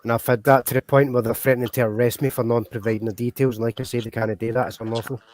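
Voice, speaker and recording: A man's voice: medium pitch, flat delivery, rapid-fire, a little mellow, dry recording. A man with a Glasgow accent talking bluntly and swearing a lot as a guest on a live call-in stream. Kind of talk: casual chat.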